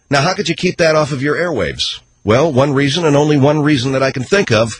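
A husky-voiced man hosts a talk radio show, ranting sarcastically through opinionated commentary. He lurches between loud outbursts and low mutters.

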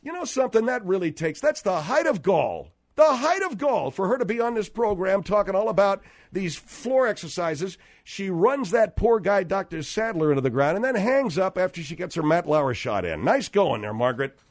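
Animated needling radio host man. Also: high-pitched, moderate pace, dry recording, studio quality. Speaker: radio talk show host. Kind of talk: comedic radio talk show.

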